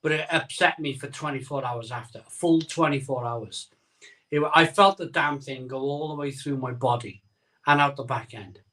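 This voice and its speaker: A man's voice: medium pitch, moderate pace, bright, forceful tone, recorded from a distance. A man hosting a live beer-tasting stream, talking in a rambling, self-interrupting way while his mouth burns from chili. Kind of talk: casual live-stream chat. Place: home room, streaming live.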